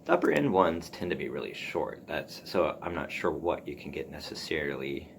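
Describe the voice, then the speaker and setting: A man hosting a solo podcast, musing aloud about writing in a halting way, full of ums and restarts. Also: very deep voice, sing-song, gravelly, a little hiss or hum. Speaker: podcast host. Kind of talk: casual solo talk on writing.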